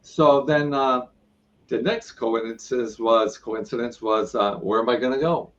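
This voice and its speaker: Man telling his spiritual story as a guest, lively and acting out quotes, set back from the mic. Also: mid-range voice, unhurried, far from the mic, muffled recording. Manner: retells events with repeated "I go" and acted-out quotes. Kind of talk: animated personal storytelling.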